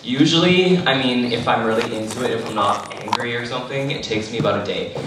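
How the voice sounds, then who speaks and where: A man's voice: medium pitch, fairly quick. Chatty man in an echoey hall. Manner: chatty, laughs often, swears casually. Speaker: cosplay panel guest. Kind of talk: casual Q&A answers. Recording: echoey hall from far off, faint noise.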